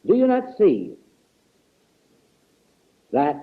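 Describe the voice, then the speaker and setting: A man lectures on spiritual matters in an earnest, emphatic way, returning to the same words for stress. His voice sits high and rises and falls widely, and he takes his time over each phrase. It comes through a narrow, tinny archival tape recording. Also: wildly swooping pitch, drawn-out words, vocal fry. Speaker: spiritual teacher.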